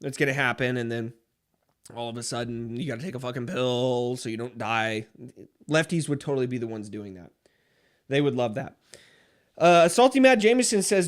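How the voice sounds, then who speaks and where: A man's voice: medium pitch, normal speed. A man hosting a livestream, reading chat and ranting in a profane, fired-up way. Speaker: livestream host.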